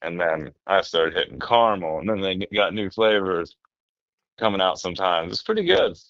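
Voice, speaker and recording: A man in casual podcast chat, telling rambling, animated stories and swearing often. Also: low-pitched, moderate pace, dry recording, dull audio.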